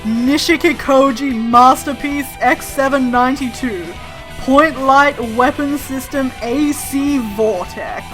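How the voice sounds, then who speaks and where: A woman's voice: high-pitched, slow, a bit bright, faint music behind, voice pushed up. Woman reading as a pompous, vain bird inventor. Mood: grandiose. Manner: pompous, theatrical, self-admiring.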